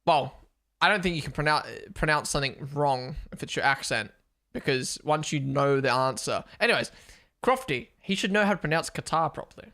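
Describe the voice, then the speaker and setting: A young man hosting a live race watchalong stream, chatting casually, excitable and swearing as he thinks aloud. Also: fairly high pitch, brisk.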